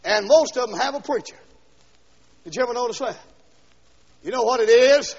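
High-voiced gravelly preacher shouting a sermon. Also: male voice, lively intonation, normal speed. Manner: swings from quiet asides to shouted, sung-out lines. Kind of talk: fiery revival sermon. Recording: dull 1970s LP recording with long hall echo.

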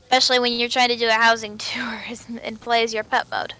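A woman's voice: a little high, level tone, fast talker, bright, forceful tone. A woman chatting casually and teasing her partner while they play an online game together at home. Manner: playful, teasing banter. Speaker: gamer co-playing online game. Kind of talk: casual gameplay chat.

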